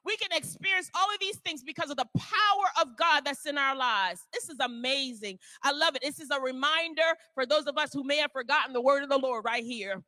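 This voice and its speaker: A woman elder preaching a fervent sermon, reading scripture slowly and calling on listeners to repeat after her, at times rising to a shout. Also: high-pitched, no room sound. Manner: reads scripture slowly and deliberately. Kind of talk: sermon with call-and-response.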